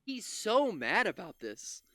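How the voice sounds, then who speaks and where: With a high, bright, forceful voice that swoops wildly in pitch, a man delivers slow, angry commentary on video clips. He swears a lot and keeps restarting, and the studio-quality recording has no echo.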